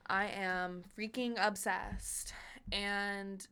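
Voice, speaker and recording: A woman's voice: medium pitch, level tone, drawn-out words, sharp tone, clean tone. A young woman co-hosting a podcast, chatting casually and telling a story full of fillers. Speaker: podcast co-host. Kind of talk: casual chat.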